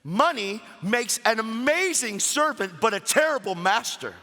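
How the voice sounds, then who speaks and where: A man preaching a sermon at a church service, animated and casual, with slangy asides to the crowd. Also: high voice, measured pace, big-room sound.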